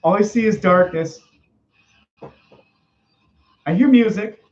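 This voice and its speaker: A man plays a high-pitched, nervous teenage boy who stammers and keeps muttering little worried exclamations. He hosts a live-stream character chat. The sound is dull and lo-fi, and it echoes off the room. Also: slow. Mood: scared. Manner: stammering, repeating "oh geez" and "oh boy". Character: nervous stammering fifteen-year-old boy Morty. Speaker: livestream host.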